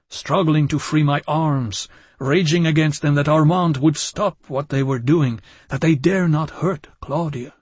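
A man's voice: mid-range voice, husky, no room sound. A man reading a first-person story aloud in an intense, dramatic manner. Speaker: audiobook narrator. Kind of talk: scripted first-person narration.

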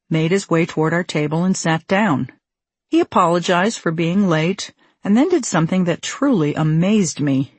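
A woman narrating her own memoir as an audiobook, with a wry, measured delivery on a close microphone. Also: lowish voice, slightly rough, no room sound.

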